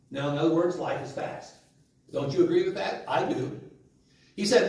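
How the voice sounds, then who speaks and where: A man's voice: on the high side, normal speed, a little mellow. Echoey, conversational church preacher, a man. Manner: conversational preaching with rhetorical questions to the congregation. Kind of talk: sermon. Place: church sanctuary. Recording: very echoey church hall, mic at a distance.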